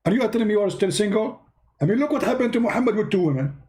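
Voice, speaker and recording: A man hosting a casual online commentary, talking sarcastically to his viewers in halting, non-native English with grammar slips. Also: high voice, expressive, a little mellow. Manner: sarcastic, mocking, talks directly to viewers.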